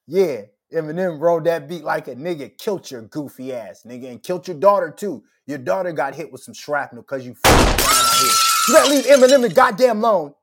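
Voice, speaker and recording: Profane, heated man ranting loudly. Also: fairly high pitch, huge pitch swings, fairly quick, few pauses, breathy edge. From Minnesota. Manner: profane, heated, loud rants. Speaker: podcast host. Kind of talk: casual ranting commentary.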